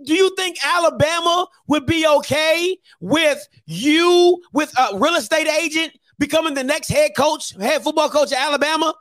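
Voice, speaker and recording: High-voiced man ranting on his talk show. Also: normal speed, few pauses, a bit bright, no echo. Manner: slangy, emphatic, repeats phrases for effect. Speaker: host of a sports talk show. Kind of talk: casual sports commentary rant.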